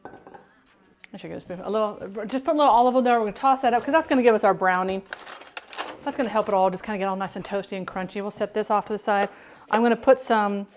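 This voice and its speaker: A woman's voice: mid-range voice, a little hiss or hum. Chatty woman rambling while cooking. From United States. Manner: chatty, rambling, self-interrupting. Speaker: home cook and streamer. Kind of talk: casual cooking chat.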